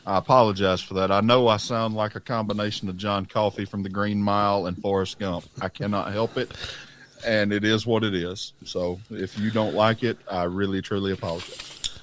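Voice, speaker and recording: A man's voice: lowish voice, fairly even intonation, moderate pace, a bit bright, a little hiss or hum. A man with a Southern US accent from Alabama, a podcast guest telling stories in an easygoing, joking way. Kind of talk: casual chat.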